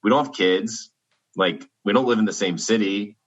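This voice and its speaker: Low husky man on a dull video call. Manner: rambling, restarts, halting. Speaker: podcast guest. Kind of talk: casual chat over video call.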